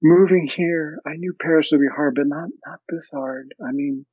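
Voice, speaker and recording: A man's voice: on the high side, fairly even intonation, moderate pace, husky, no room sound, pitched above the performer's own voice. A man voicing an overwhelmed single mother whose speech falters and trails off, in a dry, slightly muffled recording. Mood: faltering.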